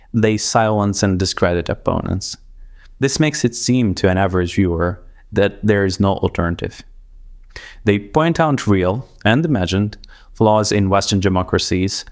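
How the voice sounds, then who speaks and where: A man with a Russian accent, a native Russian speaker, giving scripted commentary narration in a dry, measured, sarcastic way. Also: sits low. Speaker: commentary video host.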